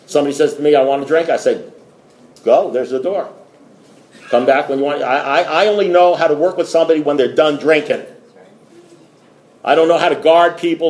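A man's voice: on the high side, darkish tone. A middle-aged man giving a blunt, rambling recovery talk to a group, swearing and repeating himself. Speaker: AA meeting speaker.

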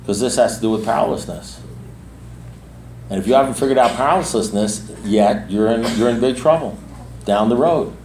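A man's voice: mid-range voice, moderate pace, darkish tone, slight background noise. Blunt, streetwise man in an echoey room. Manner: blunt, streetwise, repeats himself for emphasis. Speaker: recovery meeting speaker and sponsor. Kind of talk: recovery meeting talk. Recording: echoey room with faint ambience.

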